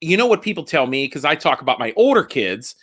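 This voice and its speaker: Excitable bright-voiced comedian, lively and high. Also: male voice, breathy edge. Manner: excitable and swearing, quick joking asides. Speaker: comedian guest. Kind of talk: casual podcast chat.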